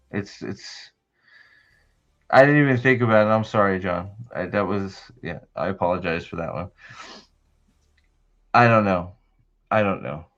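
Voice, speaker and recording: A man's voice: on the low side, a bit bright, muffled recording. A man hosting a livestream in casual chat, rambling and swearing heavily, often restarting his sentences. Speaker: livestream host.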